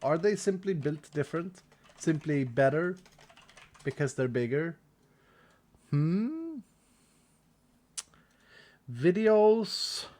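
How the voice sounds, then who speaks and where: Swedish guy streamer, kinda higher voice, keeps laughing and repeating himself while talking to chat. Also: very animated, takes it slowly, pauses often, darkish tone. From Sweden. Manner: chuckly, repeats phrases, talks to chat. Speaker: livestreamer. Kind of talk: casual live-stream chat.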